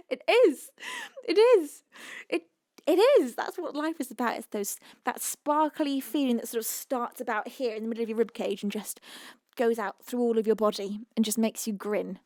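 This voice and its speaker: A young woman, a singer-songwriter streaming live, gushing through thank-yous to her chat with frequent laughs and soft whispered asides. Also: on the high side, no echo, studio quality. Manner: gushing, emotional, laughs often, drops to a whisper. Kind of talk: chatty livestream thank-yous.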